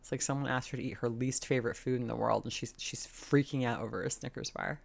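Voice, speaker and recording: A woman's voice: extremely low pitch, steady tone, quick pace, gravelly. A woman hosting a reaction video, talking bluntly and sarcastically and swearing often. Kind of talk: casual commentary.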